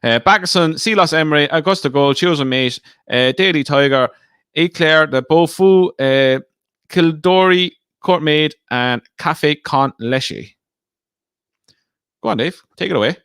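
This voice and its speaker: A man's voice: on the high side, unhurried, fairly bright tone, clean tone, no room sound, studio quality. A man co-hosting a podcast, chatting casually about betting and teasing his co-host. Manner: teasing, banters.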